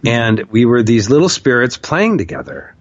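A man telling a personal story in a candid, profane way, his talk full of "like" and loose restarts. His voice sits at an ordinary middle pitch. The audio is dry and a little dull. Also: huge pitch swings, moderate pace, no room sound. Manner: candid, profane, with frequent "like" fillers. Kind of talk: casual storytelling.

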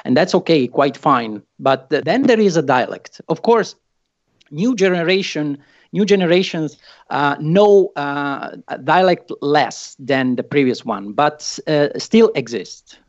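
Italian man, halting and filler-heavy. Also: a little high, lively intonation. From Italy. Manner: halting, many fillers and restarts. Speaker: guest. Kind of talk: podcast conversation. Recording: dull lo-fi sound.

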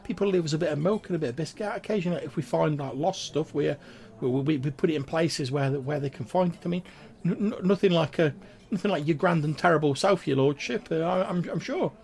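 A man voicing a tiny, wizened male sprite who stammers in a squeaky voice and keeps apologising. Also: fast, vocal fry, a little mellow. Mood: panicked. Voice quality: squeaky, high-pitched, stammering. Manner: panicked, deferential, calls everyone sir.

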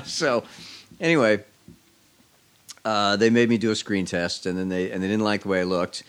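Rambling man with a low voice. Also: normal speed, long pauses, clear, resonant tone. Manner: rambling, restarts often, wry. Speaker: interview guest. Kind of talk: casual storytelling chat.

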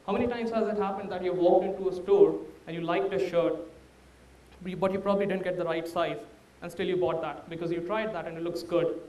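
A man's voice: sits high, fairly even intonation, fairly quick, a little mellow, roomy sound, far from the mic. A man with an Indian accent, a startup founder giving a candid, anecdote-filled talk to an audience. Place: large room before a live audience.

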